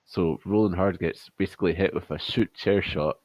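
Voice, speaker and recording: A man's voice: low-pitched, normal speed, darkish tone, no echo, rough recording. A Scottish man co-hosting a casual podcast over voice chat, rambling and swearing as he jokes. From Scotland. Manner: rambling, profane, joking. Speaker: podcast co-host. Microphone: headset over voice chat.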